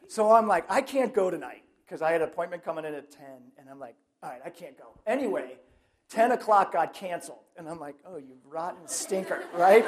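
A middle-aged man, a Catholic priest, preaching in a chatty, animated way with self-mocking humor and personal stories. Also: high-pitched. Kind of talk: lively sermon with personal stories.

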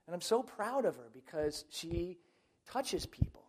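A middle-aged man, a Catholic priest, preaching in a chatty, animated way with self-mocking humor and personal stories. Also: high voice, unhurried. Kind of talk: lively sermon with personal stories.

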